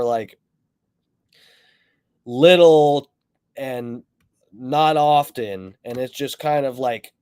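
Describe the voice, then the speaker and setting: A man hosting a livestream, telling a story in a rambling, profane, animated way and greeting viewers in chat as he goes. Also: medium pitch, dry recording, clean studio sound. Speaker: livestream host.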